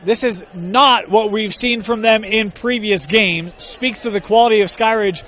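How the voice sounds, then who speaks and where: A man with a notably high voice calls plays in short, brisk bursts. Between downs he trades jokes with his partner. It is a live broadcast from a stadium press box. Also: fairly bright tone. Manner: brisk play calls, bantering with co-host. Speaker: play-by-play announcer. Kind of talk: live football commentary.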